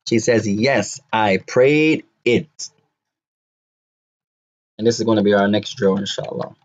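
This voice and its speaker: Slow, drilling male Arabic teacher. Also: lowish voice, muffled recording. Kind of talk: classroom lesson.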